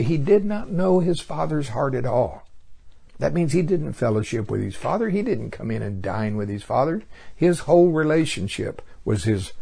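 A man's voice: medium pitch, very animated, normal speed, gravelly, dark tone, husky. A man preaching a sermon in a folksy way, often chuckling at his own stories.

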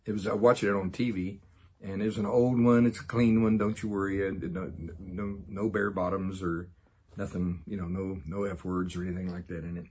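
A man giving informal Bible teaching in a folksy, excitable way, with jokey asides and chuckles. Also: deep voice, moderate pace, slightly rough.

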